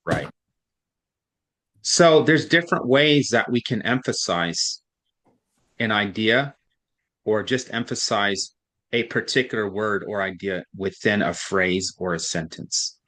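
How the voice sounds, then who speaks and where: A man tutoring one student in reading, explaining patiently step by step and often checking in with a quick "right?". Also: on the low side, animated, a bit bright.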